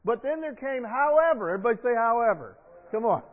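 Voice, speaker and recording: Male pastor with a very high pitch, preaching call-and-response, recorded muffled in a reverberant sanctuary. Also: animated, fast talker. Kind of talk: sermon. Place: church sanctuary. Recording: dull long-reverb church sound.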